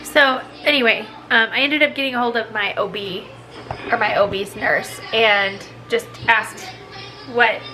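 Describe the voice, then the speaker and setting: A woman's voice: on the high side, fairly even intonation, measured pace, over music, rough recording. A sick woman with a congested voice, chatting casually and rambling through a home vlog. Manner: tired, rambling, many likes and restarts. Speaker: vlogger.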